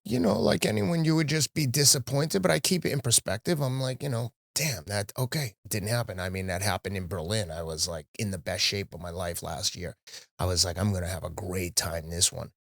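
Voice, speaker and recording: A middle-aged man with a fairly low voice talks candidly, in a casual podcast conversation. His delivery is animated, as he often quotes himself. The sound is dry and close, in a quiet studio. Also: a little fast, creaky, no room sound. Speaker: podcast guest, marathon runner.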